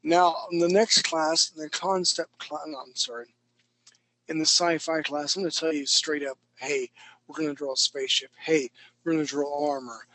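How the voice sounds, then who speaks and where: A man's voice: a little high, steady tone, moderate pace, bright, forceful tone, rough recording. A man teaching a live online drawing class, chatty and self-mocking as he talks through each stroke. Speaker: drawing instructor.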